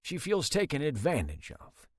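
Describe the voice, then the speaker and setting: A man's voice: on the high side, huge pitch swings, moderate pace, no room sound, clean studio sound, pitched above the performer's own voice. A male audiobook narrator voicing a worried middle-aged father who explains things in an earnest, level way. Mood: reproachful.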